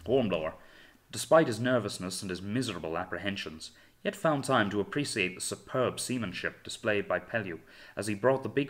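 A man reading a novel aloud in measured, dramatic storytelling narration. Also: lowish voice. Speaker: audiobook narrator. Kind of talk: scripted narration.

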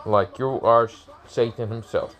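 A man's voice: mid-range voice, fairly even intonation, unhurried, a bit bright, lightly acted. A man voicing a blunt, irritable male death god who talks in an offhand, profane way in a casually told fan story.

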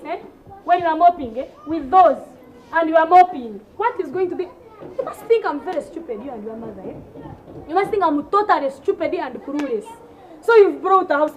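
A woman with a Ugandan English accent performs a comedy sketch with a high voice. She rants in a sarcastic, scolding way, with rhetorical questions and mockery.

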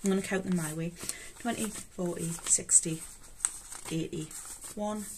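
A woman's voice: lowish voice, measured pace. Chatty Geordie woman counting cash. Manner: chatty, self-mocking, talks to herself while counting. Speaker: budgeting vlogger. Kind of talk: casual chat while counting cash. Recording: clear background noise with rustling notes.

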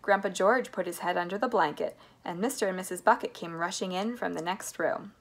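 A woman narrating a children's book aloud in an expressive, animated way. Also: fairly low pitch, fairly quick. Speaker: reader. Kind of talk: storybook narration.

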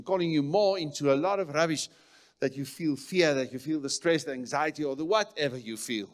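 A male pastor delivers a sermon in a church. He is emphatic, swinging from ringing declarations to hushed, murmured lines. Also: medium pitch. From South Africa.

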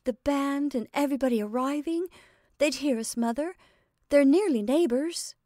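A woman's voice: high voice, normal speed, mellow, no echo, clean studio sound, pitched above the performer's own voice. A woman reading aloud, voicing an upset young woman who pleads breathlessly. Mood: pleading, upset.

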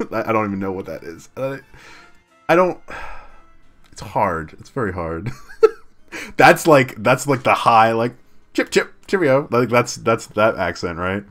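A man's voice: on the low side, lively intonation, a little slow, long pauses, fairly bright tone, faint music behind. A man chatting casually on a game live stream, laughing and self-deprecating, with lots of fillers.

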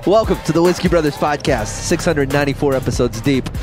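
High-voiced, goading podcast host man. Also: fast, over music. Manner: pushy, laughing, goading. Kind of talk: casual banter.

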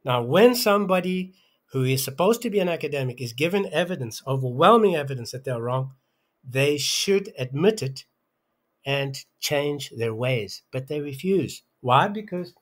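A man explaining a calculus proof in an angry, abusive rant, hurling insults and leaning on "okay?". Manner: abusive, insulting, pitch rising in outbursts; hesitant restarts, repeated "okay?". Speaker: self-styled math lecturer. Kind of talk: angry math rant over a worked example.

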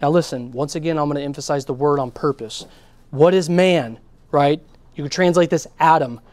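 A man preaching a sermon in an earnest style, his voice rising on key words and dropping to a hush. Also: on the high side, fast talker, no room sound. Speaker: pastor.

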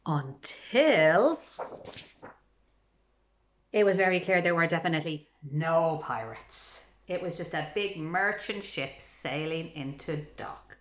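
A woman's voice: deep voice, measured pace. A woman, a children's librarian, reading a picture book aloud in a playful way. She asks the listeners questions and drops to whispers. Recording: slightly dull lo-fi recording.

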